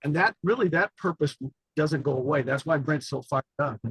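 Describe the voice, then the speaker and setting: A man's voice: fairly high pitch, moderate pace, a bit bright, husky, no echo, poor audio. A man speaking emphatically about his purpose while driving a car. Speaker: business leader, guest's companion.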